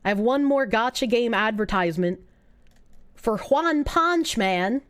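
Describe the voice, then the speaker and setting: High, lively woman streamer. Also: measured pace, clear, resonant tone. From United States. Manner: sarcastic, incredulous and profane, with frequent laughs. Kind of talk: casual livestream reaction.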